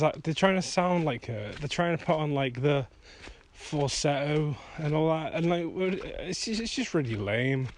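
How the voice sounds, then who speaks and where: A man's voice: medium pitch, slight background noise. Rambling man, swearing freely. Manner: rambling and frank, swears freely, heated when ranting. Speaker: vlogger and songwriter. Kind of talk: casual rambling monologue. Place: outdoors at night, walking to a field.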